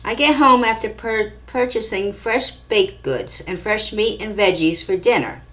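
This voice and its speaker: A woman reading her own mystery story aloud in a calm, measured storytelling manner. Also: mid-range voice. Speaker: author and narrator. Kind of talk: scripted story narration.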